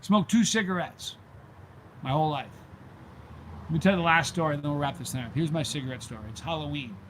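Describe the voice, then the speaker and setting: A middle-aged man chats casually to his viewers as a vlog host, rambling through a story with plenty of ums. His voice sits a little high. A faint hiss runs under the recording. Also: quick pace, a bit bright, low-quality recording. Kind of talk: casual livestream chat. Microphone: handheld gimbal camera.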